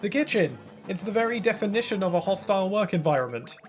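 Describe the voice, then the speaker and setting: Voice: mid-range voice, big pitch swings, fast, soft background music, pitched above the performer's own voice, natural voice. A streamer voicing a frazzled, indignant Toad head chef who exclaims at the chaos.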